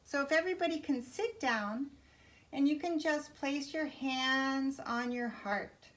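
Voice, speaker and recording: A woman leading a yoga class for young children at home, talking gently and encouragingly as she guides each step. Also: sits high, a little slow.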